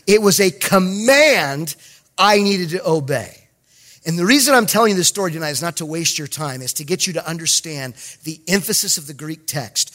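High-voiced, animated male preacher. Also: moderate pace. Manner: animated storytelling, acts out dialogue, emphatic. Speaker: pastor. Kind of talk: sermon.

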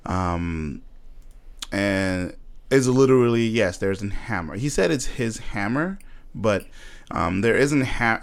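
A man co-hosting a casual chat about a TV show, laughing often and talking with many fillers and restarts. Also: low-pitched. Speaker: podcast co-host.

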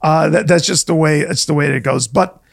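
A man's voice: on the high side, fairly quick, gravelly. A man co-hosting a casual podcast, rambling playfully with jokes and many restarts. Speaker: podcast co-host. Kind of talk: casual chat.

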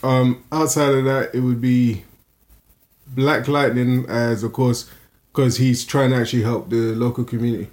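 A man chatting casually about a TV show, hesitant and halting, with many fillers and restarts. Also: medium pitch, steady tone, darkish tone. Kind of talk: casual chat reviewing a TV show.

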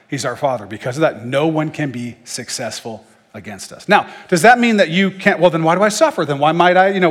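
A man with a husky, somewhat high voice gives a casual Bible teaching, speaking plainly to listeners and dropping in jokes. A long reverb follows his voice, as though he were in a large hall.

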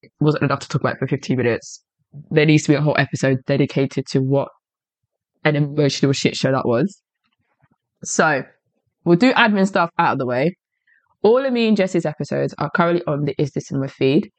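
Lowish woman's voice, podcast host, teasing and brash, dry close sound. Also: brisk, no room sound. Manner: teasing, brash, laughs often. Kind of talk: casual podcast chat.

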